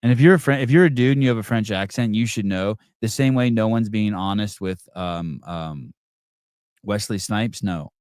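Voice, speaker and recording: On his live call-in podcast, a middle-aged man bluntly rants with swearing and keeps restarting his rambling thoughts. His fairly low voice is a little mellow and clean, moving at a moderate pace, in studio quality with no room sound.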